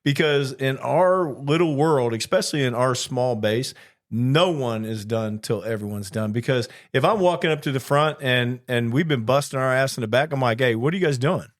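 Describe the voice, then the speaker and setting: A man's voice: mid-range voice, normal speed. A man co-hosting a casual chat podcast, telling stories animatedly and acting out the exchanges he quotes. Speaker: podcast co-host, flight attendant.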